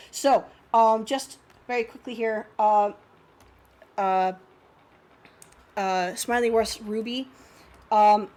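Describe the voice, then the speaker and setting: Young woman, sniffly congested voice, chatty art teacher, encouraging, lots of ums and restarts, mid-pitched. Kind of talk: unscripted art critique lesson.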